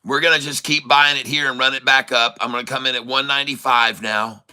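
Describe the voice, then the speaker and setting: Hoarse from losing his voice, a man hosts a casual live day-trading stream, greeting and teasing viewers with frequent chuckles. His medium-pitched voice is steady and sharp, a little fast, and the audio is poor.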